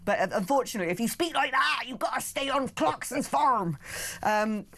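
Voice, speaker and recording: A woman from the West Country hosting a TV talk show, telling it in a brisk, sardonic and animated way. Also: a little high, creaky. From West Country of England. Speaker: TV news talk host. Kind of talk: opinionated studio chat. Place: TV studio.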